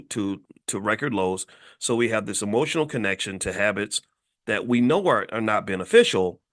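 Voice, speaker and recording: A man's voice: fairly low pitch, a bit bright. A middle-aged man from Kentucky hosting a motivational commentary monologue, blunt and emphatic, repeating words as he drives home each point. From Louisville, Kentucky, USA. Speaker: host.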